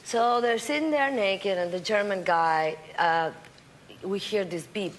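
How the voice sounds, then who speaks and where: A woman's voice: on the low side, unhurried, a little hiss or hum, low-quality recording. A woman with a Mexican accent, chatting as a talk-show guest and telling stories with lots of laughter. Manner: laughing, animated storytelling. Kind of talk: casual talk-show chat. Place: TV studio.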